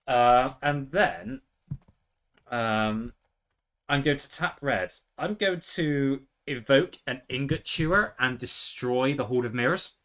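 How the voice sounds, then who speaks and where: Brief: man, co-host, animated pitch, self-deprecating jokes, casual table talk. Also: slow. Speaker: player and co-host. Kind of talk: casual game chat.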